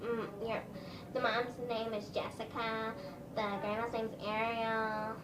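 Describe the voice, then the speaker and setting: Woman rambling through a storytime, kinda high voice, sounds a bit far from the mic. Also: completely flat delivery, takes it slowly. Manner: chatty, rambling, lots of "like" and "um". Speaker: vlogger telling a story. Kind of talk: casual storytime. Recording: roomy, a little off-mic, faint room noise.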